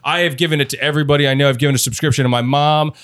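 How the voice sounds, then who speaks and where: A man hosting a comedy podcast, delivering made-up sponsor pitches in an even, deadpan way. His voice sits a little higher than most men's. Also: racing. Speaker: podcast host. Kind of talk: casual comedic chat.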